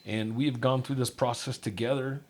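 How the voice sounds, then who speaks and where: A man's voice: mid-range voice, steady tone, fairly quick, darkish tone, slight background noise. A middle-aged man, a podcast guest, earnestly and casually telling a personal story from his life. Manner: earnest, casual, often says "dude".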